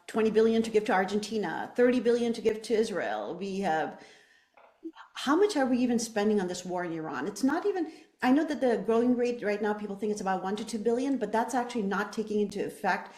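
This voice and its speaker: A woman's voice: mid-range voice, darkish tone, roomy sound. A woman running for office, answering interview questions with passion and emphatic rhetorical questions. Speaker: political candidate.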